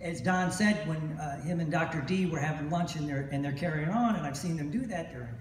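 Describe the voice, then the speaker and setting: A man's voice: fairly high pitch, a little fast, slight background noise. A middle-aged man giving a motivational talk to hypnosis instructors at a convention, telling stories and asking "right?" again and again. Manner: storytelling, repeats phrases, asks "right?". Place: large convention hall. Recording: echoey hall recorded from far off.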